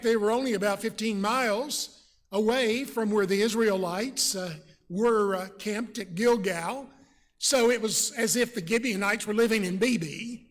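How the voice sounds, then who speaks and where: A male preacher, giving a measured, explanatory Bible sermon in a church. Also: high-pitched. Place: church sanctuary. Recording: long church reverb.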